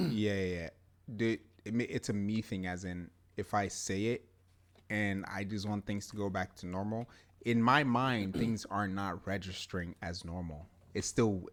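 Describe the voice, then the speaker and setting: A man with a fairly low voice co-hosts a casual podcast. He talks in an animated, emphatic way, pushing his points and laughing often. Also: moderate pace. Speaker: podcast co-host. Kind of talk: casual chat.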